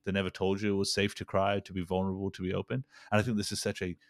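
A man with a very low, deep voice hosts a casual podcast chat, rambling through his stories with frequent restarts and fillers. The sound is close and dry, with no room echo. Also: completely flat delivery, racing. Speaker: podcast host. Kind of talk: casual conversational interview.

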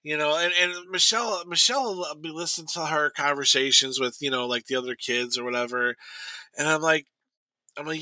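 A man's voice: a little high, fairly quick, bright, forceful tone, dry recording. A man in his forties chatting casually on a podcast, rambling with lots of fillers and restarts. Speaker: podcast co-host. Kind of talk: casual chat.

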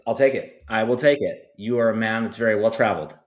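A man's voice: lowish voice, quick pace. A man hosting a podcast, asking questions in a playful, joking way. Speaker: podcast host. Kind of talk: casual podcast interview.

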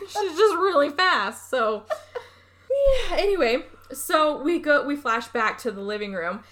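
A woman co-hosting a podcast, recapping a movie in casual chat, animated and laughing often as she acts out the characters' lines. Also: high-pitched, slow pace, pauses often, a little hiss or hum. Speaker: podcast co-host.

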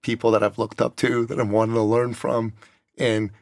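A man's voice: medium pitch, level tone, normal speed, a little mellow, dry recording, studio quality. A man hosting a podcast, chatting eagerly with his guest. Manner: eager, enthusiastic interjections. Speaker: podcast host. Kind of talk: casual interview chat.

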